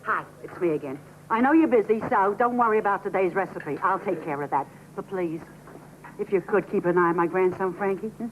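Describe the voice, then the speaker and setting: A woman's voice: medium pitch, brisk, slight background noise, close to an everyday voice. Actress as an older New mama cooking host, motherly chatter, thin phone-like audio. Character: warm old Italian-American grandmother cooking-show host. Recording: tinny old broadcast audio.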